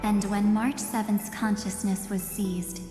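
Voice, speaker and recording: An actress voicing a calm, mysterious woman in a game cutscene, speaking slowly in a soft, partly whispered and knowing tone. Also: mid-range voice, natural voice. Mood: cryptic. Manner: slow, knowing, teasing. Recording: echoey game audio with hall reverb and music.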